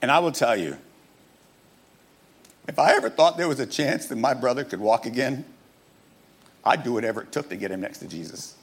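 Emphatic, animated preacher man. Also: mid-range voice, a little fast, pauses often. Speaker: pastor. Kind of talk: sermon. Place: church stage with audience.

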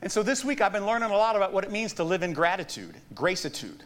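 A middle-aged man pastor preaching a sermon, telling stories with animated asides and laughs. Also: high-pitched, fast.

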